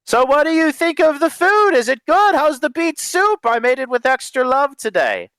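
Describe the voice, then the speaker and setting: A man's voice: extremely high pitch, sing-song, moderate pace, bright, forceful tone, dry recording, studio quality, voice pushed up, heavily acted. A man doing an eager, gushing cook. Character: cheery male cook, eager to please.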